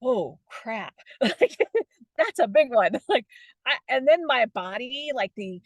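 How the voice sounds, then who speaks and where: A woman's voice: high-pitched, lively intonation, a little slow, dry recording. Chatty middle-aged woman coaching. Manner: chatty, laughs often, keeps asking "right?". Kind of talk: motivational talk.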